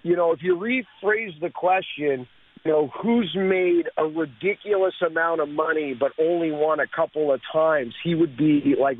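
A man co-hosting a golf radio show, rambling with plenty of fillers. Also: fairly high pitch. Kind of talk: casual radio chat. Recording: dry, phone-like radio audio.

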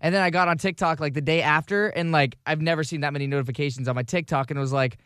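A man with a slightly high voice tells a story in casual podcast chat, rambling and full of fillers. The recording is dry and close. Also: rapid-fire, a bit bright, clean tone, dry recording. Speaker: podcast co-host.

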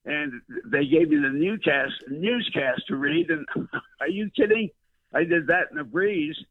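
A man's voice: on the high side, big pitch swings, a little slow, creaky, breathy edge, no echo. An older man, a veteran broadcaster reminiscing in a rambling storytelling way, full of fillers and restarts, heard over the phone. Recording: tinny dry phone line.

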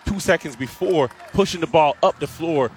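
A man's voice: on the high side, normal speed, darkish tone, slight background noise. A man giving casual color commentary on a basketball game, peppered with asides. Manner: conversational analysis with filler asides.

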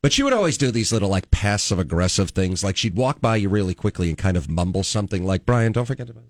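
A man co-hosting a morning talk show, telling rants and stories in a lively, animated way. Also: sits low, fast, no room sound, clean studio sound. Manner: animated, ranting storyteller. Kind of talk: casual chat.

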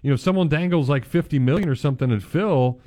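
A man's voice: a little high, fast, warm tone, no room sound, clean studio sound. A man hosting a sports radio talk show, chatting casually and hedging his claims with many restarts.

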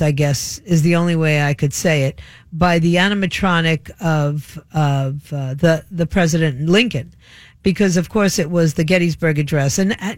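A woman's voice: deep voice, no room sound, clean studio sound. Chatty older woman hosting talk radio. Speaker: radio talk show host. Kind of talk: radio talk show monologue.

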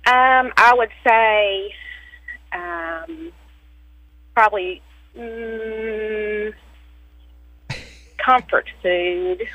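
A woman's voice: medium pitch, drawn-out words, long pauses, dry recording. Hesitant woman caller on a phone line. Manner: hesitant, many ums, guarded. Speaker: radio caller. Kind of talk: phone-in answers. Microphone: telephone.

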